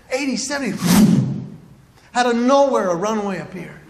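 A man's voice: very high voice, fairly quick, big-room sound, slight background noise. A man giving a humorous faith talk, telling a story and acting out his own panic with sudden yelps. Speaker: Christian comedic speaker.

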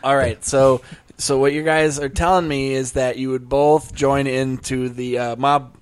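A man's voice: medium pitch, little pitch movement, a little slow, smooth. A man hosting a podcast, teasing his co-hosts and posing trivia questions in casual chat. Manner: teasing, quizzing, laughs often. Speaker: podcast host.

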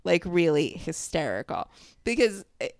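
A woman co-hosting a podcast in casual chat, telling animated stories, acting out quotes and laughing often. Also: fairly low pitch, normal speed, crowd noise. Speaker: podcast co-host.

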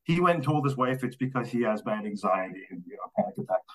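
A man casually telling work stories on a podcast, animated, acting out quoted voices and laughing often. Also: mid-range voice, quick pace. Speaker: storyteller guest.

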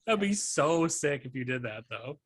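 A young man co-hosting a podcast, chatting casually with friends, joking and rambling with quick laughs. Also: medium pitch, expressive, breathy edge, no echo, clean studio sound. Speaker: podcast co-host. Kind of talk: casual chat among friends.

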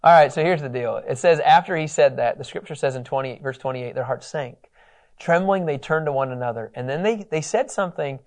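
A man teaching a Bible class, telling the story with animated, joking delivery. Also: fairly high pitch.

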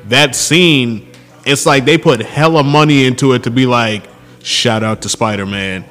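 A man's voice: medium pitch, a little slow, a bit bright, in a large hall, soft background music. A young man in casual chat with friends, talking about an anime movie in laid-back, dismissive slang.

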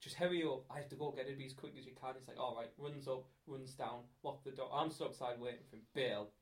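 A man's voice: mid-range voice, fairly even intonation, fast. A man telling crude, laughing anecdotes in a casual chat.

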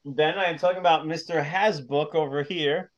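A man's voice: fairly high pitch, steady tone, normal speed, lo-fi sound. Chatty man hosting a podcast. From United States. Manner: chatty, laughs easily, rambling with repeats. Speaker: podcast co-host. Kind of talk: casual chat.

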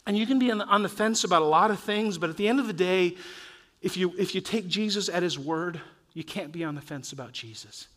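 Male pastor, high voice, earnest and urging, rises and drops between loud and soft. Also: fairly quick. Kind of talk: sermon.

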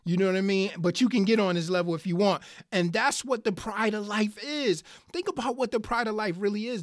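An earnest podcast host teaching scripture who reads old-style verses aloud and then explains them with rising excitement, often calling listeners "guys". The voice sits in a middle pitch. It is recorded dry, with no room echo. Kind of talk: Bible study podcast talk.

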